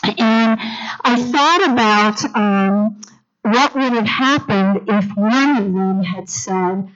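A middle-aged woman teaching a Bible lesson in an animated sermon style, calling on the congregation to answer. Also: mid-range voice, takes it slowly. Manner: animated, calls for congregation responses. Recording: dull lo-fi recording.

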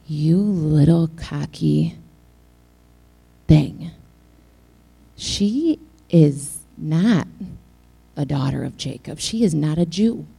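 A woman's voice: low voice, gravelly, dark tone. A woman preacher giving a casual, joking sermon, acting out the scenes she tells. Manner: chatty, joking, acts out scenes.

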